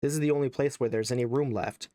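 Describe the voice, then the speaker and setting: A man's voice: medium pitch, fairly even intonation, fast, dark tone, dry recording. A man casually commentating a horror video game as he plays, wry and chatty, reading the on-screen text aloud. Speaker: let's play gamer.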